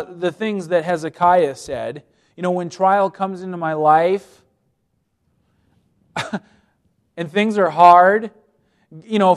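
High-voiced man preaching a sermon. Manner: emphatic, swings between loud pleading and quiet asides.

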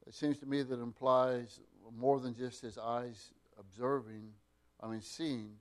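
Slow, deliberate male Bible teacher. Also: mid-range voice, steady tone. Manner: unhurried, with many fillers and restarts, rising loud for emphasis.

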